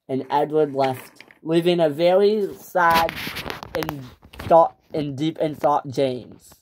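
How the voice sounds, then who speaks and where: A woman narrating a toy train story in a plain, unhurried storytelling manner. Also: sits low, background noise.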